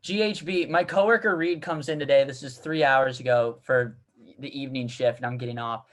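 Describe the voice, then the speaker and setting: A man's voice: mid-range voice, steady tone, a little fast, a bit bright. A man co-hosting a comedy podcast, rambling through a casual anecdote with lots of restarts. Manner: rambling, restarts, laughs through his stories. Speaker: podcast co-host.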